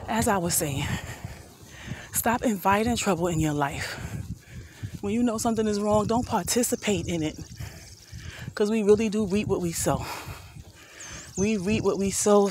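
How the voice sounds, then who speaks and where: A woman in her fifties talks while she walks uphill outdoors, a little out of breath. She preaches earnestly to her viewers and calls them family. Her voice sits at a middle pitch, with faint outdoor noise behind her. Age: 50s. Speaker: vlogger. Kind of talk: motivational walk-and-talk vlog. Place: outdoors walking up a hill.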